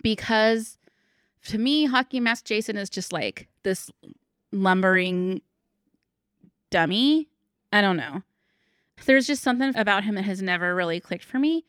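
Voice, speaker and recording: A woman's voice: mid-range voice, lively intonation, measured pace, long pauses, fairly bright tone, clean tone, no room sound, clean studio sound. A woman co-hosting a podcast, chatting casually and frankly, with some swearing. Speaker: podcast co-host. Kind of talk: casual chat.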